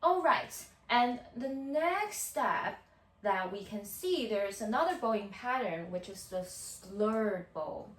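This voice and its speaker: A woman teaching violin in a tutorial, counting beats out in a slow, patient way. She is heard from a little way off in a roomy space, with violin playing around her words. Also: mid-range voice, expressive, fairly bright tone. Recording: roomy sound from a distance.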